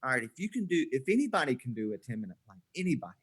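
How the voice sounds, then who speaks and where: A podcast guest in his forties tells stories in a casual chat, animatedly acting out the quoted dialogue. He talks at a racing pace, medium-pitched and slightly rough.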